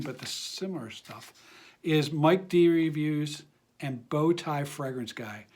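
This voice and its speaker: A man hosting a fragrance channel, talking casually to camera in a friendly, rambling way with many fillers and restarts. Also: a little high. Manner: friendly and enthusiastic.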